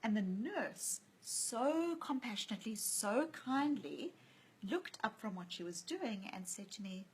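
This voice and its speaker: A woman's voice: fairly high pitch, sing-song, a little slow, slight background noise, low-quality recording. A woman speaking as an author and guest in a conversational interview, telling stories and acting out the voices she quotes. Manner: storytelling, acts out quoted voices.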